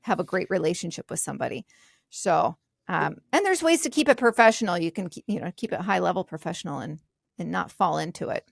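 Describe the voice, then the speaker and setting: A woman's voice: on the low side, animated, quick pace, creaky, no room sound, studio quality. A woman co-hosting a podcast, explaining workplace ideas in a candid, casual way with lighthearted asides. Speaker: podcast co-host.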